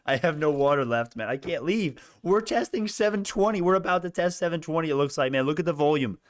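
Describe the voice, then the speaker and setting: A young man giving animated live commentary on stock prices, laughing and repeating himself, his voice worn out. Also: a little high, fairly quick, dry recording. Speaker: stock market streamer. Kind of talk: excited live market commentary.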